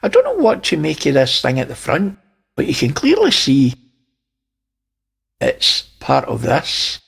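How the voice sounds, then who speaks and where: A Scottish man talks slowly and deliberately, pointing things out one by one. His voice is gravelly with a husky edge, and he drops in dry jokes between observations. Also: on the high side, wildly swooping pitch. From Scotland. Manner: slow, pointing things out, wry asides. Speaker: channel host. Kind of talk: narrating image analysis.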